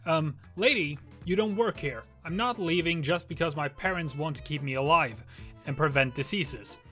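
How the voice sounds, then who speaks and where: A man voicing a calm fifteen-year-old boy who answers an angry shopper with dry comebacks. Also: fairly high pitch, normal speed, faint music behind.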